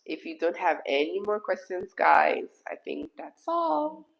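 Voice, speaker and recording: A Jamaican woman from Jamaica hosting a casual live stream from her kitchen, hoarse from being sick, chatty, laughing often and slipping into patois. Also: fairly low pitch, sing-song, unhurried, low-quality recording. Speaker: YouTube host answering live chat.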